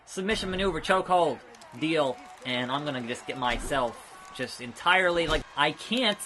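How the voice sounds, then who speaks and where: A man's voice: a little high, animated, moderate pace, pushed and bright, a little hiss or hum. A man giving chatty, rambling let's play commentary, blurting out move names as he plays a wrestling game. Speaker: gaming video creator.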